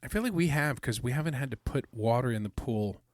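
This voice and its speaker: A man's voice: mid-range voice, expressive, a little fast, dry recording, studio quality. A man hosting a podcast in casual chat, laid-back and easygoing. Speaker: podcast host.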